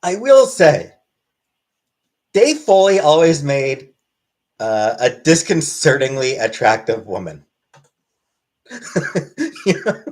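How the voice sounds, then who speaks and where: A man chatting on a casual livestream, answering viewers' questions one by one. His delivery is dry and deadpan, but his pitch moves around a lot. He sounds offhand and wry. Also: takes it slowly, long pauses. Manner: deadpan, wry, reads chat aloud. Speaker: livestream host.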